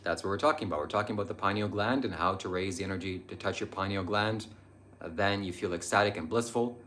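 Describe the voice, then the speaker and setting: A man's voice: on the low side, fast talker, fairly bright tone, a little hiss or hum. A young man hosting a live stream, answering viewer chat about spirituality in an earnest, meandering way with frequent hesitations.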